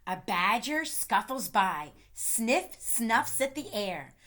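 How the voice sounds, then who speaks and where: A woman's voice: fairly high pitch, sing-song, a bit bright. A woman reading a picture book aloud to children, playful and chatty between pages. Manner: playful, pausing to chat and laugh with young listeners.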